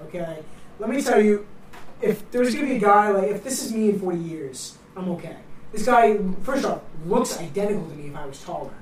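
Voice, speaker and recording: A man's voice: high-pitched, lively intonation, fairly quick. A young man with a Boston accent, co-hosting a casual chat podcast and telling stories with lots of fillers. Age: young adult. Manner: storytelling with fillers. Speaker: co-host. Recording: roomy echo, distant mic, faint noise.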